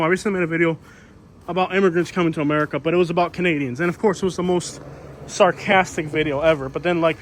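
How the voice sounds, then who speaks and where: Rambling man vlogging outdoors, filler-heavy. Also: a little high. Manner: chatty, rambling with many fillers. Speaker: YouTuber. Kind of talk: walking vlog commentary. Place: outdoors on a storm-damaged street. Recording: faint outdoor street noise.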